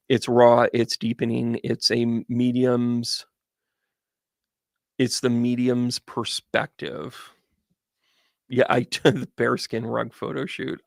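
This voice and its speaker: A man's voice: mid-range voice, gravelly, no echo, clean studio sound. A man hosting a casual livestream as a medium, chatting and rambling through stories with lots of restarts. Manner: rambling, animated, chatty storytelling.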